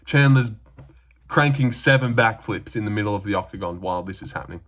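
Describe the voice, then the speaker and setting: A man's voice: on the low side, quick pace, fairly bright tone. A young Australian man talking casually through his fight predictions, rambling with lots of fillers.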